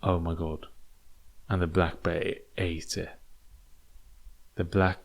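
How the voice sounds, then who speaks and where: A man's voice: low voice, level tone, takes it slowly, creaky, long pauses. A young man from England with a British accent that slips into American, rambling and joking through a solo podcast with many restarts. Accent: British English with American slips. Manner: rambling, jokey, stammering restarts. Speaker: podcast host.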